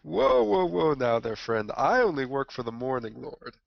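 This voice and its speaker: A man's voice: medium pitch, sing-song, normal speed, gravelly, dry recording, highs cut off. A man voicing a genial male priest who greets people heartily and soothes them. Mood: soothing. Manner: hearty, soothing, old-fashioned.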